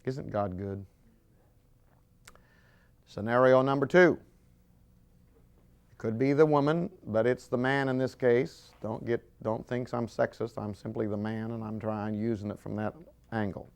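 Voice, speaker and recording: A man preaching a sermon with animated storytelling, acting out scenes as he goes. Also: mid-range voice, measured pace, vocal fry, long pauses.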